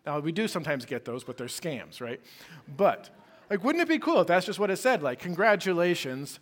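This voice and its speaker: Conversational pastor with a higher male voice. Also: very animated, a little fast. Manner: conversational, rhetorical questions, emphatic. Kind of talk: sermon.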